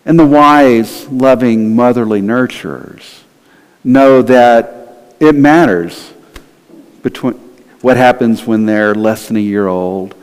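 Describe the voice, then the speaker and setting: A man's voice: mid-range voice, slow pace, smooth. Man preaching in an echoing church. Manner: conversational, lively, acts out quoted voices. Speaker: pastor. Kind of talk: sermon. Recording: long hall reverb.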